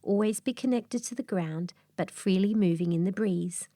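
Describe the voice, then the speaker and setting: A woman voicing a wise old grandmother tree in a soft, near whispered tone. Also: mid-range voice, moderate pace, no room sound, clean studio sound, lightly acted. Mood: gentle.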